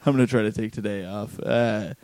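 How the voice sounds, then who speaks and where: Relaxed male comic host, tired, easygoing, mellow and dry. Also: on the low side, moderate pace, dry recording. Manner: laid-back, laughs often, swears. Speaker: stand-up comedian, podcast host. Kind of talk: casual chat.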